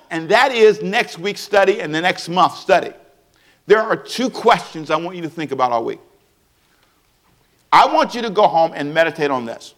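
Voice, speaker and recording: A man preaching a sermon as pastor, repeating rhetorical questions and swinging between hushed and loud delivery while calling on the congregation to respond. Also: sits high.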